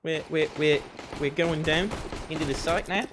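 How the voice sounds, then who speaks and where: A man putting on a playful, drawn-out New Zealand accent as a laid-back Kiwi guy. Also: fairly high pitch, over a noisy crowd, pitched above the performer's own voice, close to an everyday voice. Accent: New Zealand, put on.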